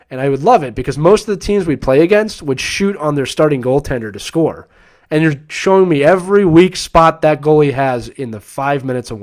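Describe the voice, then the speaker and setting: A middle-aged man hosts a live-stream Q&A in the emphatic manner of a coach. His voice sits at an ordinary pitch, and he keeps checking in with his listeners as he talks. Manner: emphatic, coaching tone, often checks in with "right?" and "all right?". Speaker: host and former hockey player and coach.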